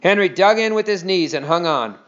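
A man reading a children's story aloud with steady, expressive storytelling. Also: high voice, fairly quick. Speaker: narrator. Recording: dull lo-fi recording.

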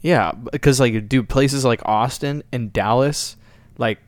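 A man's voice: mid-range voice, unhurried, no room sound. A young man chatting casually, laid-back, with crude slang. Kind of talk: casual chat.

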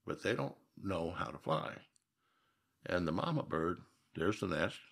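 A man's voice: low voice, very animated, unhurried, creaky, fairly bright tone, slightly rough. A man from Minnesota, a guest telling stories in a casual interview, reflective and folksy with emphatic repeats.

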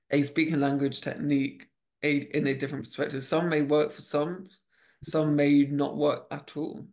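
A man's voice: on the high side, creaky. A man hosting a podcast in casual chat, rambling with many restarts and fillers. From United Kingdom. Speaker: podcast host.

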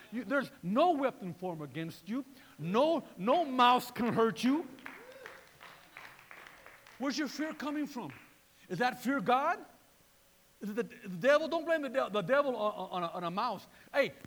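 A man preaching a sermon in a lively way, repeating words and acting out voices. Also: high voice, long reverb tail. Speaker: pastor.

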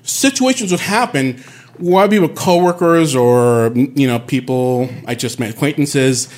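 A man from Puerto Rico telling a personal story in an animated, candid way, swearing casually. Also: mid-range voice, a little slow.

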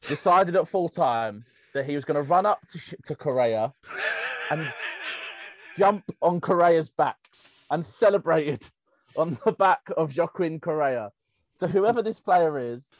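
A man's voice: fairly high pitch, a little slow, no echo. A man, co-hosting a casual football podcast and telling stories with bursts of laughter. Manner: animated, laughing storyteller. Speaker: podcast co-host.

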